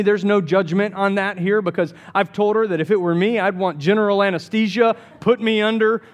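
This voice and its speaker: A man preaching a sermon as pastor, telling stories with playful jokes. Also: sits high. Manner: animated storytelling with jokes.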